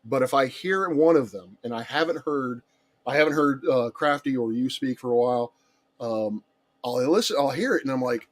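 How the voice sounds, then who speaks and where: A man's voice: medium pitch, normal speed. A man, a guest in casual chat, easygoing and chuckling. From United States.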